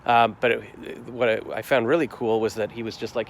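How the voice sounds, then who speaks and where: A vlogger in his forties recaps his day in a casual, rambling, reflective vlog full of fillers and restarts. His gravelly, medium-pitched voice is flat and a little fast, with faint street noise outdoors.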